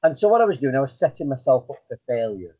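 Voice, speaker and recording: A man's voice: mid-range voice, very animated, quick pace. A middle-aged man, a hypnotist guest, telling stories in a rambling, self-deprecating way with many fillers. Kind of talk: casual storytelling interview. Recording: tinny phone-like line.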